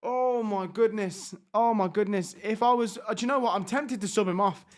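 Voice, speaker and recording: Brief: high-pitched gamer, excitable, frustrated reaction commentary. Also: male voice, normal speed. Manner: exasperated, excitable, talks to his players. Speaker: gaming YouTuber. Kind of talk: live reaction commentary on a football management game.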